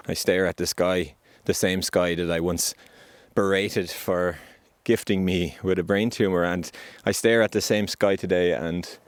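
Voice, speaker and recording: Low-voiced reflective man. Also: no room sound. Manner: gentle, earnest, spiritual, unhurried with pauses. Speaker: podcast host sharing his survival story. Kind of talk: reflective spoken vlog on a hike. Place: outdoors on a hillside.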